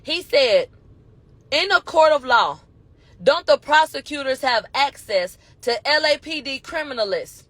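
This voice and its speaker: A woman doing casual commentary, retelling court testimony in an animated, profane way. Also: high-pitched, a little slow, no room sound. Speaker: commentary host.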